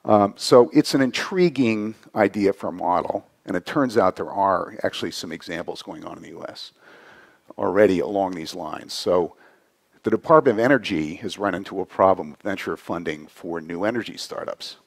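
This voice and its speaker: Man, very low voice, conference speaker, conversational, tags points with "right?". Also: moderate pace, creaky. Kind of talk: conference talk. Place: conference hall.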